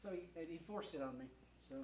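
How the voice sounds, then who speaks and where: A man's voice: on the high side, fast, a little mellow, slight background noise. A man from a folk band making chatty stage banter between songs, telling anecdotes with a laugh. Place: live music venue with an audience. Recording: echoey live room with instruments.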